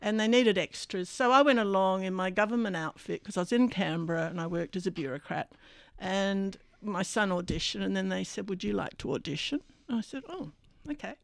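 A woman's voice: mid-range voice, a little fast, creaky, no room sound. A woman in her sixties telling stories as a guest, chatty and anecdotal, often starting over mid-sentence. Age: 60s. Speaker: guest, actor and musician. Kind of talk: conversational storytelling.

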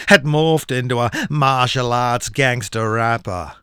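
A man's voice: medium pitch, expressive, a little slow, hardly any pauses, fairly bright tone, clear, resonant tone, no echo, clean studio sound. A man, a poet, performing his comic poem with a theatrical delivery and big dramatic swings in his voice. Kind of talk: performance poetry reading.

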